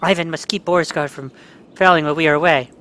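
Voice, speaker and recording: A man's voice: a little high, steady tone, quick pace, fairly bright tone, dry recording, shouting. A man playing a story game, reading each part's dialogue aloud in his own voice and cursing when the controls glitch. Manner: reads every part in his own voice, breaks into angry outbursts at glitches. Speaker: let's play gamer.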